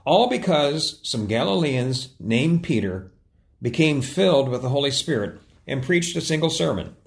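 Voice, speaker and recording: A man's voice: moderate pace, vocal fry. A man preaching a sermon, telling a joke story and then teaching, with frequent small restarts. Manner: storytelling with lively pitch swings and small restarts. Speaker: pastor.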